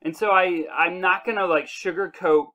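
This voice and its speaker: A young man leading an online church devotional, talking in a casual, earnest way and slowing down to stress his points. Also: sits high, steady tone, pushed and bright, muffled recording. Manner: earnest, conversational, with restarts and slow emphasis. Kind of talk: casual online Bible lesson.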